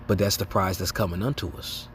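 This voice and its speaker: A man's voice: low voice, fairly even intonation, fairly quick, a little hiss or hum. A man giving an informal religious exhortation, talking casually in slang, tagging lines with "man" and "okay?" and laughing as he acts out reactions. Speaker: lay preacher.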